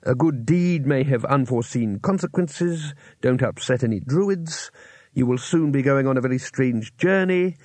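A nervous, pedantic male astrologer, as a man reads him in an audiobook, with a raised, breathy voice that rambles slowly through his words. The sound is husky and dry. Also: mid-range voice, animated, darkish tone, dry recording, lightly acted. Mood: reluctant. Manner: slow, hesitant and rambling. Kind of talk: audiobook character voice.

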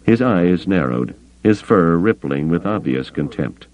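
Deep, lively male narrator reading a novel, dull lo-fi recording. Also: moderate pace, gravelly, hardly any pauses. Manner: expressive, storytelling. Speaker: audiobook narrator. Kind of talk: scripted narration.

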